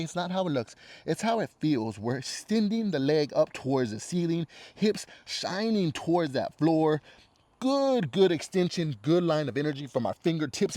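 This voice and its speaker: A laid-back male yoga instructor guides breaths and poses, dropping profanity into nearly every cue. His voice sits a little high for a man. The sound is dry and close, with no room echo. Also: mellow. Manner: laid-back, swears constantly while cueing poses.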